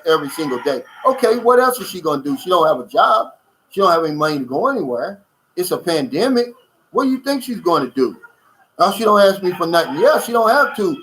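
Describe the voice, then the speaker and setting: A man with a slightly higher-than-average voice hosts a casual livestream chat. He talks bluntly and emphatically, keeps calling his listeners "man," and stops to answer viewer comments. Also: a bit bright, poor audio. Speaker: channel host reading viewer comments.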